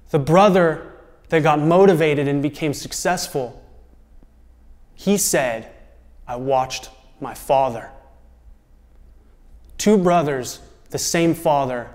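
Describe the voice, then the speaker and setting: A man hosting a motivational talk to camera, earnest and deliberate, letting his voice drop softly at the ends of phrases. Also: on the high side. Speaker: host. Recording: long room reverb.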